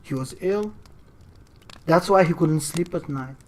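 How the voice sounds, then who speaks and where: Slow ad-libbed storyteller, halting, middle pitch. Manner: halting, with restarts and pauses.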